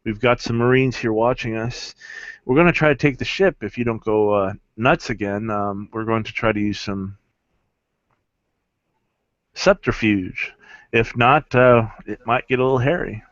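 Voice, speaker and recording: A man playing a tabletop game, haltingly describing what his character does. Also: mid-range voice, no room sound. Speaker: player. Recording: dry, dull lo-fi recording.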